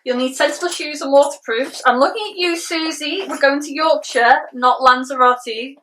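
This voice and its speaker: A woman's voice: sits high, moderate pace, sharp tone, a little hiss or hum. A woman with a British accent playing a stern, sarcastic male teacher who talks in dry, clipped reprimands. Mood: brisk. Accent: British English. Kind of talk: scene acting.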